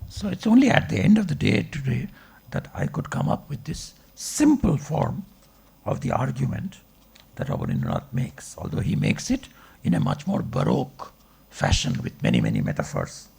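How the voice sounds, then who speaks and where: A man's voice: deep voice, wildly swooping pitch, normal speed, gravelly, darkish tone, breathy edge. A man, a philosophy professor, giving a discursive public lecture and checking in with the audience with rhetorical questions. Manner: discursive, asks rhetorical checks like okay and right.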